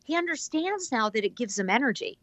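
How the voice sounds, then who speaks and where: A woman with a fairly high voice tells stories in a lively, animated way, leaning into every twist. She acts out the people she quotes as she goes. The sound is close and dry, with no room around it. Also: brisk, no echo, muffled recording. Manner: animated storyteller who acts out quoted voices and laughs often. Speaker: guest, empathic healer. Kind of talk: casual interview talk.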